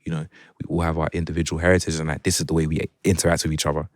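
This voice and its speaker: A young man speaks in a low voice, with a London accent touched by a Jamaican twang. He talks in a laid-back, reflective way, often checking in with his listener. The sound is dry and close. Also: flat delivery, rapid-fire, dry recording. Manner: reflective, laid-back, heavy with filler phrases. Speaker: guest musician. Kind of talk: casual conversation.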